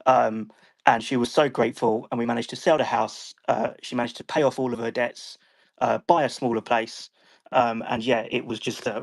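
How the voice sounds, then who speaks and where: A British man calmly telling a personal story to a live chat, steady and relaxed with frequent pauses to think. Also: medium pitch, gravelly. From United Kingdom. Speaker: guest sharing a story. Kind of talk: casual storytelling.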